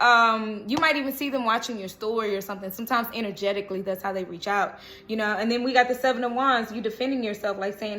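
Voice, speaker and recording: A fast-talking woman with a voice on the high side does a chatty tarot horoscope reading over slight background noise. She rambles and corrects herself in a lively way, laughing often and breaking into song now and then.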